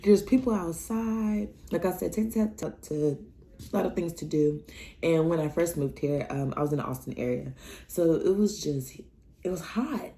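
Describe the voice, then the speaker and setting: A woman from Nebraska telling a casual personal story on her vlog, chatty, laughing as she talks and breaking into lively asides. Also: deep voice, moderate pace. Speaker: vlogger.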